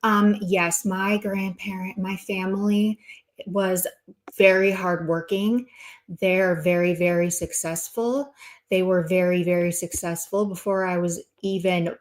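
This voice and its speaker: A woman's voice: fairly low pitch, flat delivery, a little slow. A young woman on a livestream, delivering a heated, sarcastic rant full of swearing and mock apologies.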